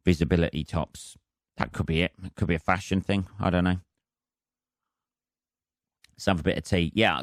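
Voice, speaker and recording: A man hosting his own podcast as a comedian, rambling through a casual solo monologue in a deadpan, heavily sweary way. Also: extremely low pitch, no room sound, clean studio sound.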